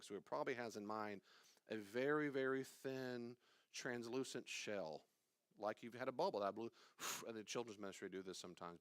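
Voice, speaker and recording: A man's voice: on the low side, no room sound. A man teaching a Bible study in a conversational, digressive way, often quizzing his listeners. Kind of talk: informal teaching.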